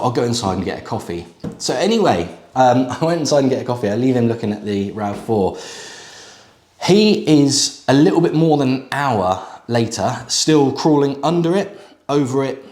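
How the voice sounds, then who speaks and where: A middle-aged man recounts a story in a relaxed, chatty way, peppered with fillers and side remarks. His voice sits at an ordinary middle pitch. The sound has a noticeable room echo. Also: a little fast. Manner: chatty, conversational, with frequent fillers and asides. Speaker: used car dealer. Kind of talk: casual storytelling to camera.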